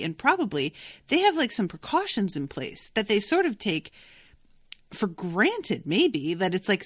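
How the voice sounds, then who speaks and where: A woman's voice: medium pitch, a bit bright, no room sound, studio quality. A young adult woman hosting a casual book-discussion podcast, talking in a chatty way and swearing freely. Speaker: podcast host.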